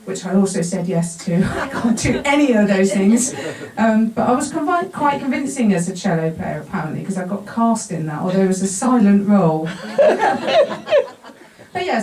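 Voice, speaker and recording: A woman's voice: mid-range voice, lively intonation, normal speed, crowd noise. A woman, an actor telling a humorous personal story to a live audience, laughing often at herself. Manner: self-deprecating, laughs often at her own story. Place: bar event space before an audience. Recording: roomy sound from a distant mic.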